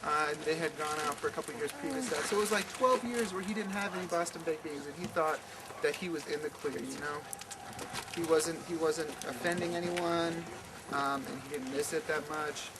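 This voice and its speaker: Animated campfire storyteller, man. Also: fairly high pitch, a little fast. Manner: animated, repetitive, stammering restarts. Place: outdoor campfire at night. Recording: noisy outdoor camp recording.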